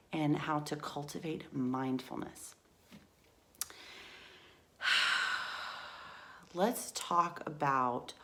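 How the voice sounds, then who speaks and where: Slow, low-voiced woman with gravelly fry. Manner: slow, soft and reflective, with pauses and restarts. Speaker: mental health channel host. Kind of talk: calm personal talk on mindfulness.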